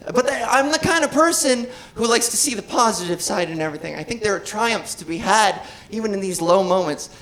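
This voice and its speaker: A woman in her thirties with a resonant voice performing a stand-up set on a club stage into a handheld mic, swinging into excited shouting when she gets worked up. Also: mid-range voice. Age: 30s. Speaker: stand-up comedian.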